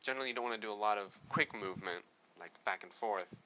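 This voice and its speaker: A man's voice: lowish voice, quick pace, sharp tone, lo-fi sound, slight background noise. A man giving a casual spoken tutorial on speaking, rambling and correcting himself as he goes. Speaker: speaking coach.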